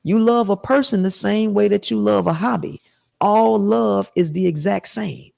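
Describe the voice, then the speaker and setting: A woman hosting a live call-in show, talking in a slow, emphatic, preachy way. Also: mid-range voice, vocal fry, darkish tone. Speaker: host.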